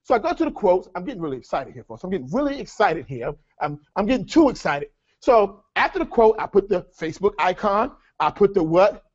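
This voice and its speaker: A man teaching a live workshop, energetic, calling the audience folks and asking them rhetorical questions. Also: high voice, a little fast, dull audio. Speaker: seminar speaker.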